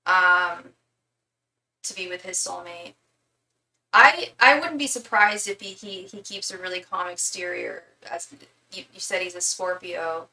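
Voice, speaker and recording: A woman's voice: fairly low pitch, a little slow, pushed and bright, echoey room, distant mic, low-quality recording. A young woman giving a live tarot reading in a chatty way, full of fillers, restarts and calls of "girl". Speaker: tarot reader.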